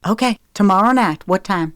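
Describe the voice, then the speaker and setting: A woman voicing a fiery, quick-tempered young woman. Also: mid-range voice, no echo, clean studio sound, voice pushed up, lightly acted. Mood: curt. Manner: sharp, heated.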